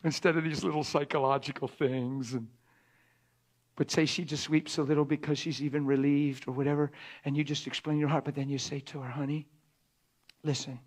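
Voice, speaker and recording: A pastor giving a conversational sermon, earnest and full of rhetorical questions, acting out little dialogues. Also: male voice, on the high side, flat delivery, fairly quick. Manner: earnest, acts out dialogue between spouses.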